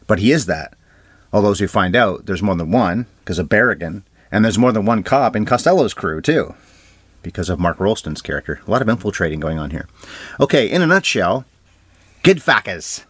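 Fast-talking low-voiced man reviewing films. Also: expressive, breathy edge, no room sound. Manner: brisk, stat-heavy, dry asides. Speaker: podcast co-host. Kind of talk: casual film review chat.

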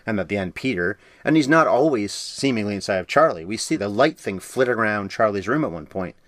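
Brief: male podcast co-host, brisk and chatty, dry studio sound. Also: lowish voice, lively intonation, fairly bright tone, dry recording. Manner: quick, talkative, jokey asides. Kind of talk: casual film discussion.

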